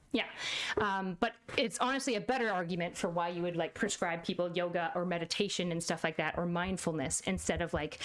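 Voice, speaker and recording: A woman from Canada streaming, talking in a rambling, animated way with casual swearing. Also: on the low side. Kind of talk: casual chat.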